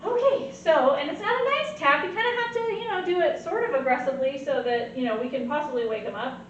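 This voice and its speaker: A woman teaching a nursing lecture in an animated way, often checking in with "right?". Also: sits high, fast, a little hiss or hum. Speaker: nursing instructor. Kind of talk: recorded lecture. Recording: very echoey, distant, muffled.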